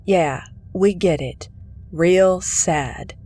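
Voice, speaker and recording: A woman's voice: lowish voice, drawn-out words, mellow, soft background music. A woman voicing a smug, cruel teenage boy who leads a school clique, speaking in a lazy, mocking drawl.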